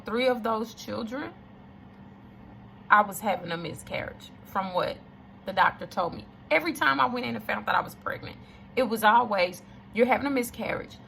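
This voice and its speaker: A woman's voice: mid-range voice, creaky, a bit bright, a little hiss or hum. A woman, telling a personal story to viewers in an emphatic, preachy way and repeating lines for emphasis. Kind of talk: casual testimony to camera.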